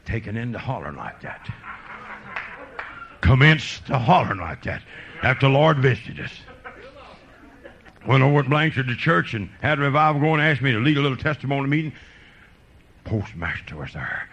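Fervent preacher man, lively and forceful. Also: mid-range voice, slight background noise. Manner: fervent folksy storytelling. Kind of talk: sermon.

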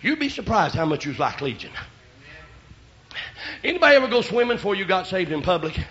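A man preaching a revival sermon and telling his testimony, shouting in bursts, then dropping to quiet asides. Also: high voice, sing-song, fairly quick. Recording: lo-fi church recording.

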